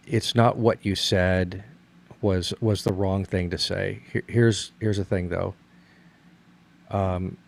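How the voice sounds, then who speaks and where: Gravelly low-voiced man explaining earnestly. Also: darkish tone. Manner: earnest, explains with many restarts. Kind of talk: casual conversation.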